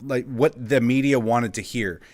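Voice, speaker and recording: A man's voice: mid-range voice, normal speed, a little mellow. A man co-hosting a casual podcast, talking steadily and firmly about his views, with short laughs. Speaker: podcast co-host. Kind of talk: casual political podcast chat.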